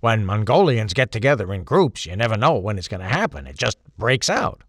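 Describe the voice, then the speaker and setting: A man voicing a grumbling, deadpan middle-aged friend who loves a bargain, with a lively, swinging voice. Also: fairly low pitch, fairly quick, dry recording, clean studio sound.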